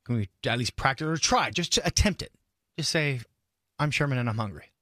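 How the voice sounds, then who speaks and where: A man's voice: medium pitch, lively intonation, a little fast, bright, forceful tone, no room sound, studio quality. A man co-hosting a morning radio show, playful and coaxing as he teases his partner. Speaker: radio co-host. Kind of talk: casual morning radio banter.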